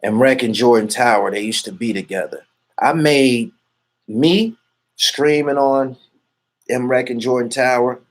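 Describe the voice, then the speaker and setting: In a measured, mid-range voice, a man responds to an interviewer with boastful, profane street talk. He rambles casually, wandering from topic to topic as he goes.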